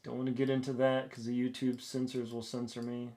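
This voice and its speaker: A man's voice: medium pitch, completely flat delivery, a little fast, warm tone. A man streaming live as he works, chatting casually, laughing, and thinking aloud. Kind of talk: casual live-stream chat while working.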